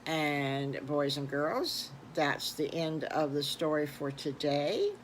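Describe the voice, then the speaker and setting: An older woman, a grandmother, improvising a children's story in a gentle, folksy, unhurried way. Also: deep voice, slight background noise, rough recording.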